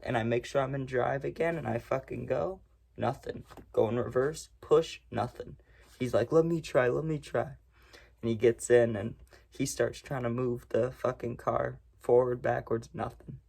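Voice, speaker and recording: A man's voice: medium pitch, vocal fry, a little mellow, husky. A young man casually telling a rambling, profane story to his viewers. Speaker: storytime vlogger.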